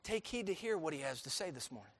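A pastor with a high voice delivers a sermon to his congregation in a church sanctuary, speaking quickly with big pitch swings. He shifts between soft, low passages and loud, driving emphasis, tossing out questions for the people to answer, while a long reverb carries his voice through the church.

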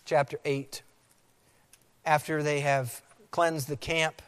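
A man preaching a sermon as pastor, with emphatic delivery that slows to repeat key phrases. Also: on the high side, little pitch movement, smooth. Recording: long hall reverb.

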